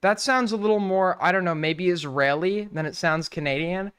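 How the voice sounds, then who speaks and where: A man's voice: high-pitched, moderate pace, a bit bright, smooth, dry recording. A man streaming live, reacting to clips with crude, rambling, irreverent commentary.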